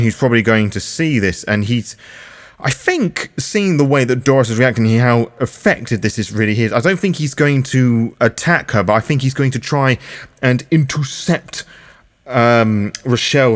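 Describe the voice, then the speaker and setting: A British man running and playing a tabletop role-playing game alone, thinking aloud over dice rolls with frequent restarts. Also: mid-range voice. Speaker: solo game master and player. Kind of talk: solo tabletop actual play narration.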